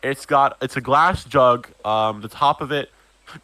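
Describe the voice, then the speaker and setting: A man's voice: mid-range voice, measured pace, bright, forceful tone, dry recording, poor audio. A man narrating as game master in a casual tabletop game, with many fillers.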